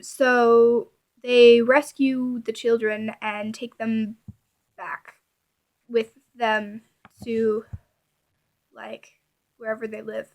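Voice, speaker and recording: A young woman vlogging in a rambling, casual chat full of filler words. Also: on the high side.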